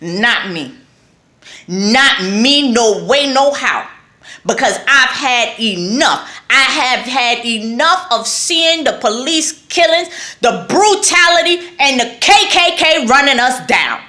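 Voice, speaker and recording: A woman's voice: sits high, expressive, takes it slowly, bright, forceful tone. A woman from New York with a New York accent, giving a blunt, emphatic political rant to her viewers and repeating lines for emphasis. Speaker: vlogger.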